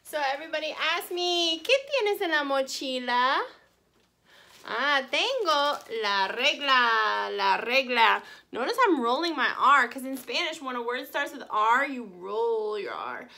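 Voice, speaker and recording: Animated, high-voiced woman teaching Spanish. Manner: slow, careful modeling of Spanish words; cheerful, encouraging teacher talk. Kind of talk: recorded online class for children.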